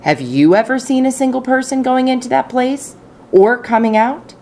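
A woman voices an old grandfather sharing secrets in an audiobook reading, speaking low, hushed and confiding. She keeps a moderate pace, with slight background noise.

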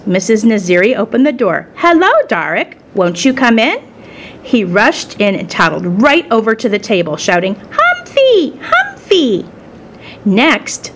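A woman reading a children's story aloud in the first person, with expressive storytelling. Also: medium pitch, a little hiss or hum. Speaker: storybook reader.

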